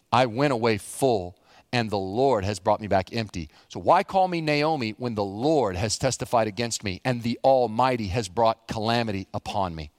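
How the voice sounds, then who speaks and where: A middle-aged man, a pastor preaching a sermon, animated, acting out the quotes he reads. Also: fairly low pitch, no echo, clean studio sound.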